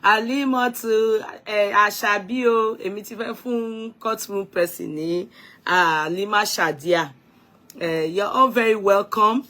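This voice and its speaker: A woman hosting a casual live stream, chatting warmly with viewers and laughing as she stumbles over their names. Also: medium pitch, measured pace. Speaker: livestream host greeting viewers.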